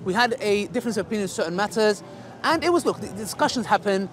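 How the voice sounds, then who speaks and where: A man hosting, talking casually to camera outdoors in a halting, conciliatory way. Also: high-pitched, lively intonation. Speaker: host, debater. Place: outdoor public park. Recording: crowd noise outdoors.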